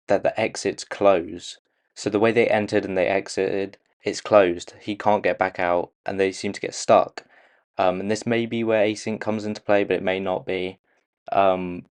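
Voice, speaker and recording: A man with a fairly low-pitched voice gives a casual spoken analysis to his viewers. He hesitates often, filling gaps with "um" and circling back to restart his sentences. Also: a little mellow, clean tone. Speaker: video creator analysing a movie trailer. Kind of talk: casual commentary.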